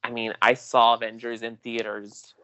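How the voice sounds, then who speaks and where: A man who is a podcast guest in casual chat, excitable and rambling with frequent restarts. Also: medium pitch, moderate pace, clean tone.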